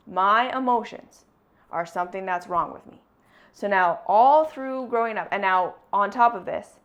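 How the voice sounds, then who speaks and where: Speaking in a mid-range voice, a female vlogger tells an honest story about her own life. Her tone is sincere and thoughtful, and her pacing alternates between quick and carefully measured.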